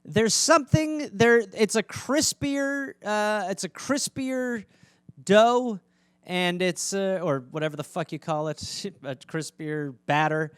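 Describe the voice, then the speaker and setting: High, smooth-voiced man rambling casually. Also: a bit bright, dry recording, clean studio sound. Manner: rambling, joking, does quick squeaky voices for pets. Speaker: podcast host. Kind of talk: casual solo podcast chat.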